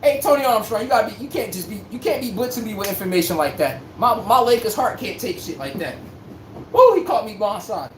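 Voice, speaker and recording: A man's voice: high-pitched, sing-song, brisk. A man hosting a livestream sports talk show for his chat, brash and joking, full of slang and sudden bursts of hype. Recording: roomy echo with faint background hum.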